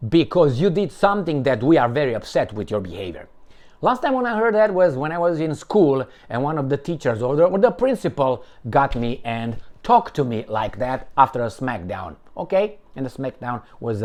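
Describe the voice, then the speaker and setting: A man giving solo political commentary, reading news articles aloud and reacting to them in an animated, sarcastic way. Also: mid-range voice. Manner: animated and sarcastic, with emphatic swings and mocking asides.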